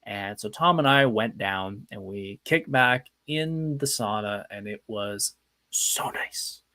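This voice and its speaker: A man's voice: fairly low pitch, expressive, slow, sharp tone. A man hosting a live podcast, telling casual, anecdotal stories in a chatty, self-deprecating way. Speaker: podcast host.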